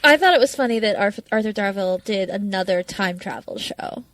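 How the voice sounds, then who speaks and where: A woman chats on a podcast in a casual, talkative way, throwing in quick asides. Her voice is of middling pitch. The recording is close and dry. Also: animated, a bit bright, dry recording. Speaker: podcast co-host.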